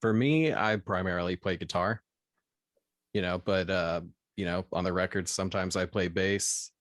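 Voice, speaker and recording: Man, deep voice, easygoing guest, fillers, dry close sound. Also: moderate pace, fairly bright tone, no room sound. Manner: easygoing, heavy on "you know". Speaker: podcast guest, guitarist. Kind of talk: casual chat. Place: home studio.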